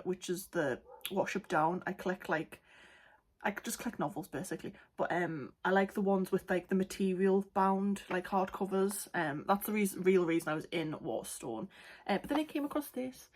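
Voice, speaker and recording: A woman's voice: medium pitch, breathy edge. A young woman, an art vlogger chatting casually and rambling with many fillers. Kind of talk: casual chat.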